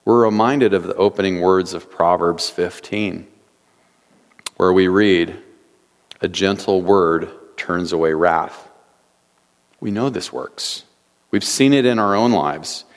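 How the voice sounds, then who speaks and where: A man's voice: low voice, takes it slowly, long pauses. Man preaching in a reverberant church. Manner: earnest preaching, reading scripture aloud with rhetorical questions. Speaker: pastor. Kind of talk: sermon. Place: church sanctuary. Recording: long church hall reverb.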